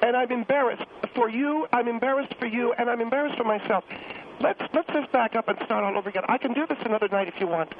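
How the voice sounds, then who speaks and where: A man's voice: extremely high pitch, fast talker, voice pushed up. A man voicing a prickly, haughty middle-aged woman who calls in to a radio show and talks down to the host. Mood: indignant. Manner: indignant, huffy and condescending. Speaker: radio guest on the phone. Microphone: telephone. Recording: tinny phone line, faint hiss.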